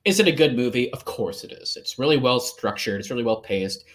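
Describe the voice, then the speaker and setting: A man's voice: mid-range voice, lively intonation, brisk, fairly bright tone. A man co-hosting a movie podcast, rambling casually with lots of fillers and laughter. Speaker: podcast co-host. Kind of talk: casual film discussion.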